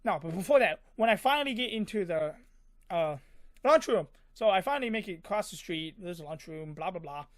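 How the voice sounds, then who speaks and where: High-voiced man rambling through a story. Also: expressive, brisk, dry recording, studio quality. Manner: rambling, filler-heavy, sound effects. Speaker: vlogger. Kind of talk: casual storytelling.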